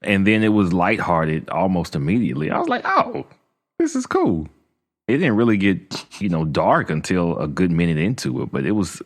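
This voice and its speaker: Deep-voiced man, chatty film fan. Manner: enthusiastic, rambling. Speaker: podcast co-host. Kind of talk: casual film discussion.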